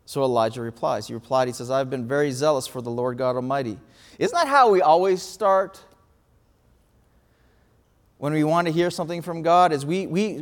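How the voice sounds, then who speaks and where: A man preaching a sermon, telling a story with lively acted-out quotes. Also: on the high side. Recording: reverberant hall.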